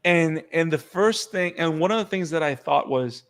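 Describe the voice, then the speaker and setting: A man's voice: a little high, normal speed, few pauses. A man co-hosting an anime podcast, chatting casually and animatedly, often repeating words as he gets going. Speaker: podcast co-host. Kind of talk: casual chat.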